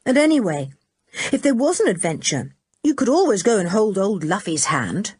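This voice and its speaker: A sensible teenage boy talks in a comforting, matter-of-fact way with a lively lilt, as a woman narrator puts him on. The voice is slightly husky, in a dry, close storybook recording. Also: mid-range voice, normal speed, no echo, voice pushed up.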